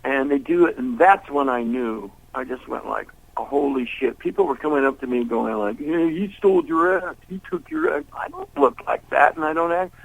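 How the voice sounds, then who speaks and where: Older male blues singer, gravelly and husky, rambling storyteller who acts out every voice in his anecdotes. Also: fairly high pitch, lively intonation, moderate pace, few pauses, narrow, tinny audio. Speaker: blues singer, interview guest. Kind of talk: casual storytelling interview.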